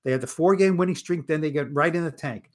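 A man hosting a sports talk show with a slightly high voice. He talks casually, teases the people around him and keeps asking them questions. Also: quick pace. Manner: teasing, asks lots of questions.

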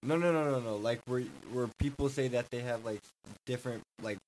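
A man's voice: mid-range voice, brisk, a little hiss or hum, poor audio. A man in casual chat with friends, rambling easily with lots of filler words. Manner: relaxed, rambling, lots of "like" and "you know".

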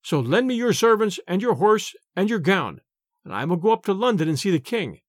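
A man's voice: high-pitched, sing-song, brisk, no echo, clean studio sound. A man voicing a cheerful clever shepherd. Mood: hearty. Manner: hearty, confident.

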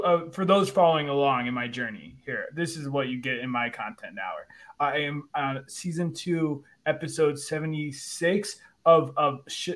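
A man's voice: on the high side, a bit bright. Easygoing male podcast co-host. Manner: easygoing, joking. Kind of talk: casual podcast chat.

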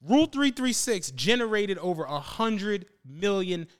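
A man's voice: sits high, sing-song, a little slow, smooth. A man hosting a podcast, telling a story in casual chat and acting out the quotes, with lots of profane slang. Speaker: podcast host.

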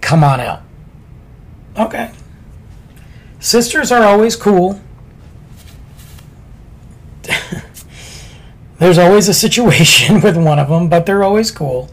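A man's voice: high-pitched, slow pace, pauses often. A man casually telling a story on a podcast, laid-back and chatty with lots of slang.

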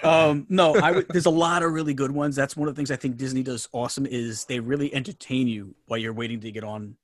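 A man's voice: mid-range voice, steady tone, quick pace, no room sound. A man with a New York accent, a podcast guest chatting enthusiastically and rambling with many restarts. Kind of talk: casual chat.

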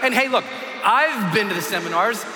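A man giving a dramatic, expressive motivational talk on a stage in a large hall, acting out his story as he tells it. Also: sits high, moderate pace. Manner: expressive, dramatic, acts out scenes with screams. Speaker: motivational speaker. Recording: echoey hall with ambient noise.

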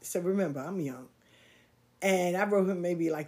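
Animated middle-aged New woman storyteller. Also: fairly low pitch, normal speed. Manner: animated, quoting people in a lively street-slang voice. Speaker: storyteller sharing her life. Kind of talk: casual personal storytelling.

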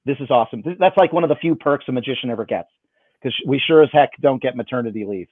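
A man, a magician, telling a story in an animated, jokey way. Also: medium pitch, fast, slightly rough, dry recording. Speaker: magician, guest. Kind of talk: casual storytelling. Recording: dry, tinny phone-like line.

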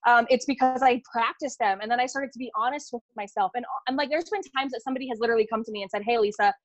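A woman business coach talking as a podcast guest, rapid and animated, saying "like" and "literally" often. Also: fairly high pitch, no echo, dull audio. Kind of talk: casual podcast interview.

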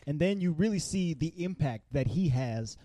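A young man co-hosts a podcast, retelling scenes in a slangy, laid-back way. His voice sits a little high and bounces up and down. The sound is dry and close. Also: expressive, moderate pace, mellow, no room sound. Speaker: podcast co-host. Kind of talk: casual chat.

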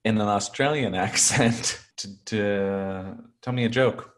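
A man co-hosting a comedy podcast, playing a deadpan restaurant customer in an improvised sketch and laughing often. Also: lowish voice, slow. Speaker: podcast co-host.

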